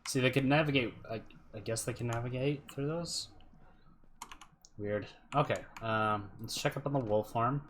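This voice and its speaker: A man's voice: medium pitch, normal speed, fairly bright tone, slight background noise. A man streaming a game live, chatting loosely, muttering to himself and answering his viewers. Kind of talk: casual live gameplay commentary.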